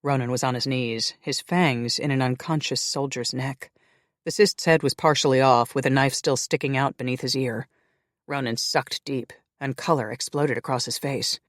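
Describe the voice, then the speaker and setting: A male narrator reads a paranormal romance audiobook at a steady, even pace. His mid-range voice is recorded close and dry. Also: medium pitch, moderate pace, dry recording.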